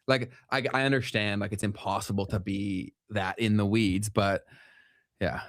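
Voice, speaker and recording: A man's voice: fairly low pitch, fairly even intonation, normal speed, fairly bright tone, no room sound. Young man from Canada, casual podcast co-host, blunt and opinionated, dry close sound. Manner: blunt, opinionated, frequent restarts. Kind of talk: casual chat.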